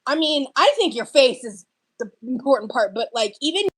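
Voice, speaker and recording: A woman's voice: sits high, lively intonation, moderate pace, breathy edge, no echo. A woman chatting casually on a livestream, defensive and dismissive toward critics. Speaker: livestreamer in played clips.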